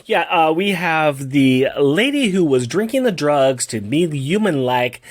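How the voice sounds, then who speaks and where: Goofy podcast guy, kinda high voice, jumps around a lot, always teasing his cohost. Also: lively intonation, a little slow. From Oregon, USA. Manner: jokey, teasing, bursts into bits and silly voices. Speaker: podcast co-host. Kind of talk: casual comic book podcast chat.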